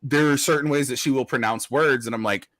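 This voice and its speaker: A man's voice: medium pitch, a little fast, a bit bright, dry recording. A man talking in a casual chat, rambling with lots of fillers, restarts and swearing.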